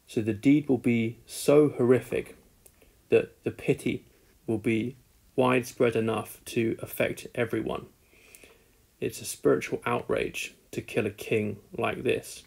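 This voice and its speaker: A British man giving a recorded literature lesson at an unhurried pace. His voice has a gravelly edge and stays fairly flat in pitch. He sets out each point deliberately and stresses the key words. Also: poor audio. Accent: British English. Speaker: literature teacher.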